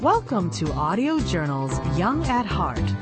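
Woman reader for a radio reading service; expressive storybook delivery with a lively, varied tone. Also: lowish voice, measured pace, loud music behind the voice. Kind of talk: reading a children's book aloud.

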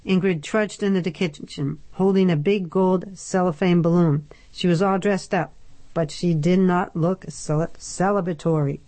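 A woman with a low voice reads a novel aloud as an audiobook narrator, delivering scripted narration in a measured, even storytelling manner. There is no room sound.

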